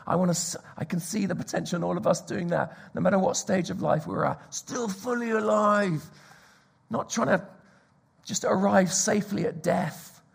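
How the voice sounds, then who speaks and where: A man preaching a sermon, telling stories and dropping to a hushed whisper for emphasis. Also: sits high, fairly even intonation, a little fast, vocal fry, breathy edge.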